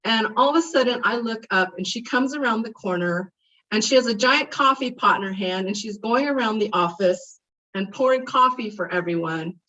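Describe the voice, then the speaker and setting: A woman's voice: fairly high pitch, moderate pace. Woman giving a eulogy, heard from afar. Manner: heartfelt, reminiscing, animated when retelling stories. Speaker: eulogy speaker. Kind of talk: memorial eulogy. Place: memorial service. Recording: distant, muffled mic.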